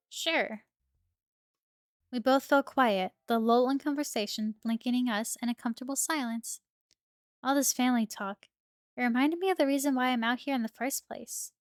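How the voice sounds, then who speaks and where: A young woman streamer reading a romance game's narration aloud in a steady storybook manner, close to her microphone. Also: on the high side, clean tone, no room sound. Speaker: streamer reading a visual novel.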